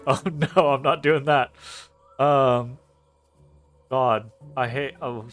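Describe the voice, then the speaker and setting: A man's voice: mid-range voice, fairly even intonation, takes it slowly, long pauses, fairly bright tone, soft background music. A man hosting a let's play, chatting casually and reading game dialogue aloud. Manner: casual, swears, laughs at the script.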